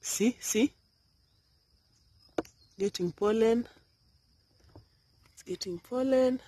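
A woman filming her vegetable garden outdoors, talking softly in a half-whisper as she narrates. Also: on the high side, extremely slow. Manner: soft, half-whispered, coaxing. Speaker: gardening vlogger.

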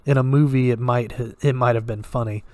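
Male story reader, steady even delivery, dry close sound, mid-range voice. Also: medium pitch, a little fast, no echo. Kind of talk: audiobook-style story reading.

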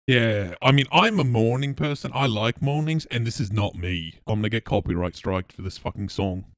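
A man's voice: on the low side, expressive, normal speed, over music. A man streaming casual reaction commentary, blunt and profane, often laughing. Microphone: streaming mic.

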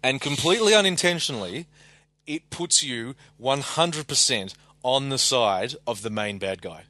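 A man's voice: medium pitch, animated, normal speed, bright, forceful tone, no echo. A man co-hosting a podcast, critiquing a show in an exasperated, profane way. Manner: exasperated critical ranting with swearing. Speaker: podcast co-host. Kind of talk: casual chat.

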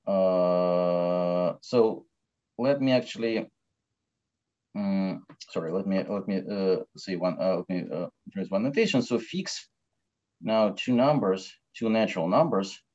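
A man giving an academic mathematics lecture, talking haltingly with many fillers and restarts. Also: sits low, darkish tone. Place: lecture hall. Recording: dull lo-fi lecture recording.

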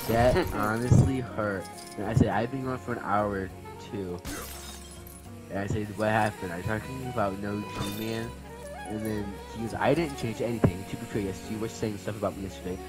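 A man's voice: lowish voice, moderate pace. Young guy reading chat over game music. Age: teens. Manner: reads group-chat messages aloud to friends, often breaking into laughter. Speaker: gamer reading chat messages aloud. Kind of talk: casual gaming commentary. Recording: game music playing behind.

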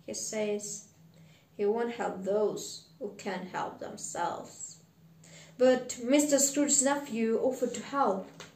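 Weary gentle clerk father, read by a woman, slow, echoey. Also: on the high side, far from the mic, a little hiss or hum. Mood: subdued. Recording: roomy echo.

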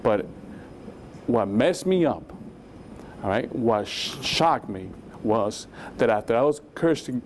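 A man recounts his past with raw emotion, his medium-pitched voice climbing sharply whenever he acts out what was said. A faint hiss of noise sits behind him in the recording. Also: lively intonation, slow. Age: 20s. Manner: emotional storytelling, acts out dialogue with sudden rises. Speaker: guest. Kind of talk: testimony in a religious interview.

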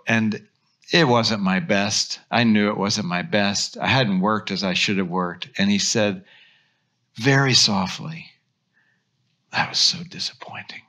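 A man, a pastor, preaching a sermon, swinging between animated emphasis and soft hushed asides. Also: fairly low pitch.

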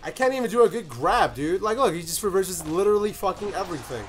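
A young man giving live gameplay commentary, cursing and breaking into loud, frustrated outbursts. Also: high voice, expressive, fast, faint music behind. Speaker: gaming commentator.

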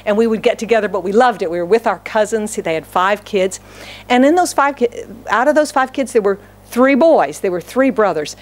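A woman's voice: medium pitch, brisk. American woman pastor preaching, storytelling. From United States. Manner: storytelling, laughs often, animated acted quotes. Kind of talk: sermon. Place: church.

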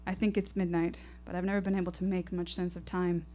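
A woman with a somewhat low voice telling a first-person story on a live stage. Her delivery is intense, poetic and rhythmic, landing each phrase deliberately. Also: level tone, dark tone.

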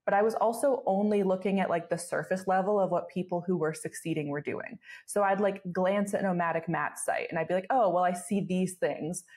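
A young woman in her twenties with a fairly low, darkish voice and fairly even intonation. She's a travel blogger appearing as a podcast guest, telling stories fast in casual chat, full of fillers and frequent laughter.

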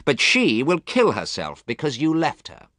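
A man voicing an amused, cynical gentleman in a storybook reading, slow and drawling. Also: fairly high pitch, wildly swooping pitch, no echo, clean studio sound, voice pushed up.

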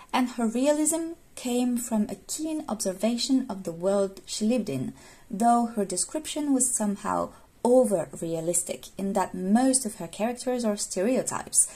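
A woman's voice: fairly high pitch, lively intonation, measured pace, warm tone. A young woman with English as a second language presenting a scripted talk on literature, earnest and explanatory. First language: not English.

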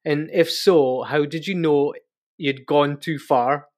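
A man's voice: on the high side, slow pace, darkish tone. A man hosting an interview, asking questions hesitantly and rephrasing them as he goes. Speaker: podcast host.

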